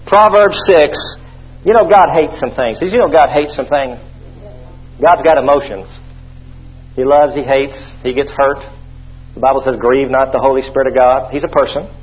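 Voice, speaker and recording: A man's voice: medium pitch, steady tone, moderate pace, husky. Emphatic male preacher, lo-fi sound. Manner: emphatic preaching with call-and-response; sprinkles hallelujahs and amens. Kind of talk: sermon.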